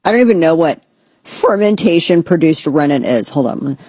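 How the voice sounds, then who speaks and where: A woman's voice: deep voice, lively intonation, moderate pace, dark tone, breathy edge, no room sound. A woman hosting a talk show, giving blunt, sarcastic, rambling commentary. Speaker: podcast host. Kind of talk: opinionated casual commentary.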